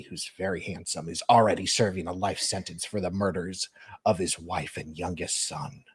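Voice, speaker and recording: Husky woman co-host reading aloud. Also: very deep voice, no room sound. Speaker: co-host reading news and comments.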